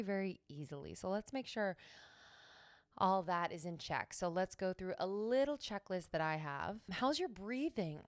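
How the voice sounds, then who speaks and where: A young woman hosting a solo wellness podcast, slow and soothing at times and then brisk and emphatic. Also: fairly low pitch, no echo, clean studio sound. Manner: slow, soothing guidance with hums and sung tones; breaks into brisk, emphatic pep-talk bursts. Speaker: podcast host.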